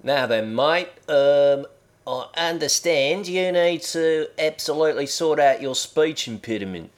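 A man's voice: a little high, animated, unhurried, voice pushed up. A man voicing a blunt, matey speech coach with a put-on Australian accent, who keeps calling the other man "mate". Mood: coaxing.

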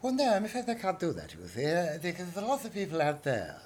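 A man's voice: fairly high pitch, huge pitch swings, fast talker, a little mellow, a little hiss or hum. A man voicing a nervous, stammering, middle-aged British king, who keeps adding "you see".

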